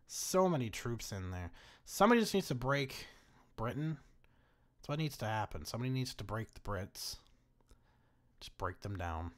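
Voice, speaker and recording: A man's voice: mid-range voice, very animated, moderate pace, pauses often. A young man giving casual strategy-game commentary, laughing often and swearing freely. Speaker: gaming commentator.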